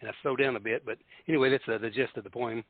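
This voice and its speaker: A man, a guest poet calling in to a radio show, talking in a quick folksy way and repeating himself. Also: medium pitch, fairly even intonation, husky, no echo. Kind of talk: casual radio chat. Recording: tinny phone line.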